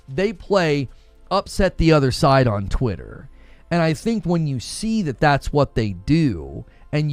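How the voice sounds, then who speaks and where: A man's voice: on the high side, a little mellow, dry recording. A man hosting a gaming news show in casual, exasperated commentary. He circles back over the same points and sounds worn down by them. The recording is close and dry, with faint music underneath. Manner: exasperated, repetitive, conversational ranting.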